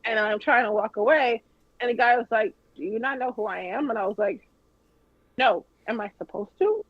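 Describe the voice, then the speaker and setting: A woman with a husky, slightly raspy voice tells a lively story, swearing freely and mimicking the people she quotes. The sound is dry and dull, like lo-fi stream audio. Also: a little high, moderate pace, no echo. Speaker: guest. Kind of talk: casual storytelling on a podcast.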